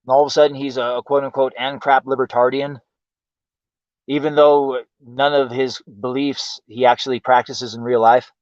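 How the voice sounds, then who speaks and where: A man's voice: medium pitch, level tone, moderate pace, no echo. Profane ranting man on a lo-fi stream. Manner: profane, exasperated, repeatedly asking why. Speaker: livestream host. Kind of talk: ranting commentary. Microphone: home streaming mic. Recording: dull lo-fi stream audio.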